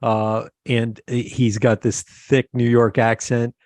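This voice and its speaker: A man hosting an interview, telling a story in an animated way and acting out the quotes. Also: mid-range voice, takes it slowly, dry recording. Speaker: host.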